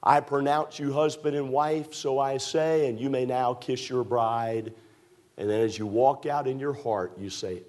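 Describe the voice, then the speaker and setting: A man preaching a fervent sermon in a church, with a repetitive, rising cadence that climbs toward near shouts. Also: medium pitch, a little slow. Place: church sanctuary.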